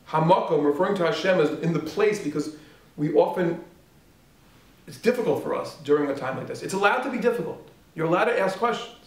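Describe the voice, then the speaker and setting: A man, a yeshiva rabbi giving a sermon, animated and full of rhetorical questions, swinging from loud to hushed. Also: fairly high pitch, creaky. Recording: echoey room, speaker far from mic.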